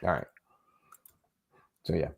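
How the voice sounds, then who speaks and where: A man co-hosting a fitness podcast in casual, opinionated chat. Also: slow pace. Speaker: podcast co-host.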